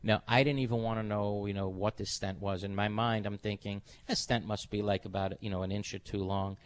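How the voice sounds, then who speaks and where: A man's voice: on the low side, a little fast, no room sound. Middle-aged man hosting a call-in radio show. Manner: animated storyteller, acts out quoted voices. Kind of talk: casual on-air chat.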